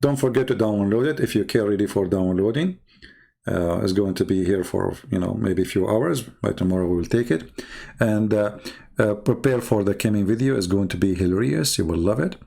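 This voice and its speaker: A man's voice: lowish voice, a little fast, gravelly, dark tone. A man hosting a livestream, talking in a combative, mocking way and challenging his listeners. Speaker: livestream host. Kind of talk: taunting livestream monologue.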